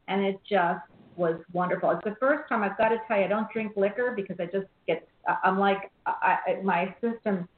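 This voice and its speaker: A sixty-one-year-old woman hosting a call-in show, bubbly and talkative, laughing often. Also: mid-range voice. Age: 60s. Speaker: radio show host. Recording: echoey, tinny phone-like sound with faint hiss.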